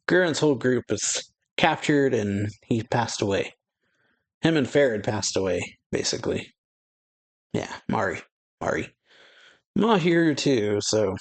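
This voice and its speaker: A laid-back man with a drawl talks through a comic chapter in an easygoing ramble, his voice sitting at an ordinary middle pitch. He keeps slipping into quoted lines, with little chuckles as he goes. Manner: retells dialogue with chuckles, loose and rambling. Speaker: manga reaction channel host. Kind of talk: casual chapter recap.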